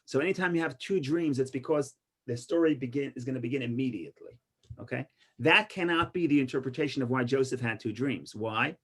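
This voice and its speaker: A man teaching an informal Torah class, an animated storyteller with many restarts who gets loud for punchlines. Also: medium pitch, fairly quick, breathy edge. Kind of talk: informal Torah lesson with stories and jokes.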